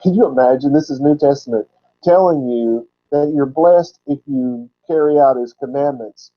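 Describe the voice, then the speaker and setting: A man teaching from the Bible in a sermon style, explaining word roots and repeating key words slowly for emphasis. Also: mid-range voice. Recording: dull lo-fi recording.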